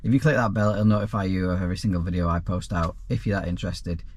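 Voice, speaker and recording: A man's voice: deep voice, steady tone, quick pace, darkish tone, a little hiss or hum. A man, a self-employed plumber, answering viewer questions in a casual, rambling vlog with dry asides. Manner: easygoing and rambling, with frequent restarts and dry asides.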